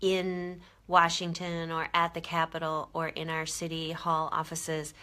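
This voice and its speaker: A woman's voice: sits low, completely flat delivery, measured pace, pushed and bright, clear, resonant tone. A woman interviewer asking long, rambling questions in a casual interview.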